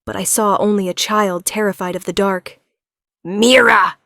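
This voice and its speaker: A woman's voice: mid-range voice, level tone, fairly quick, no echo. Lady reading a tense thriller aloud, dry close sound, mid voice. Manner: tense first-person storytelling. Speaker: narrator. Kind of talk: dramatic audiobook narration.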